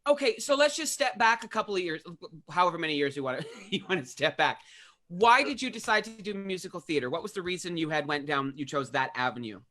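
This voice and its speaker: High, bright-voiced male host. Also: lively intonation, quick pace. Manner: playful, laughs often, rambling questions. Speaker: talk show host. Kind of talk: casual interview chat.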